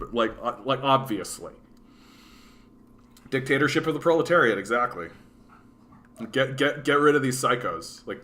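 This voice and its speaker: A man hosts a political livestream and answers his chat. He talks bluntly and swears freely, padding his points with "like" and "right?". His voice is bright and forceful, pitched in a middle range. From Canada. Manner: blunt, profane ranting full of "like" and "right?".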